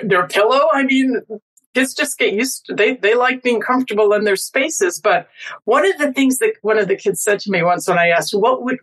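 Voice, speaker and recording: A woman's voice: medium pitch, a bit bright, rough recording. Earnest middle-aged woman, reflective guest. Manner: earnest and reflective, some restarts. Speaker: documentary filmmaker guest. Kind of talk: interview conversation.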